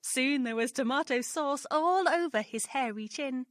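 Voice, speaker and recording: A woman narrating a children's story, reading aloud clearly and expressively. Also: high voice, a little slow, no echo, clean studio sound.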